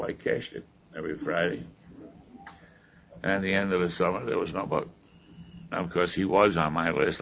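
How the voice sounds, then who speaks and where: An older man with a gravelly voice telling a humorous story from his own life, with dry, wry asides. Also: sits low. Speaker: speaker sharing his recovery story. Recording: dull lo-fi recording with faint hiss.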